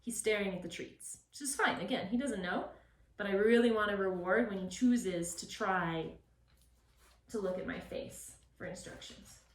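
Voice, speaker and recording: A woman dog trainer explaining a puppy session, switching between calm explanation and high, bright praise for the dog. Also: normal speed. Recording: echoey, from a distance.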